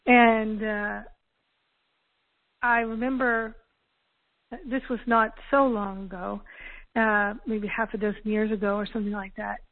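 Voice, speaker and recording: A woman telling personal stories calmly and earnestly, acting out the dialogue as she goes. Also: fairly high pitch. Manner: calm, earnest, acts out quoted dialogue. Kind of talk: reflective personal storytelling. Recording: narrow phone-like audio.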